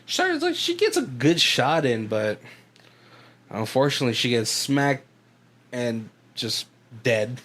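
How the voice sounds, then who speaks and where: A man's voice: mid-range voice, big pitch swings, a little slow, a bit bright. Rambling, laughing male podcast co-host. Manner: rambling, laughs often, swears, puts on voices for quotes. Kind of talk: casual movie commentary chat.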